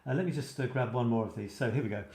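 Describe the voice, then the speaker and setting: A male host of a live writing show talks in rapid-fire bursts at a medium pitch, his tone a little mellow. He's chatty and enthusiastic, reading comments out loud in a relaxed stream chat, with a roomy echo around his voice.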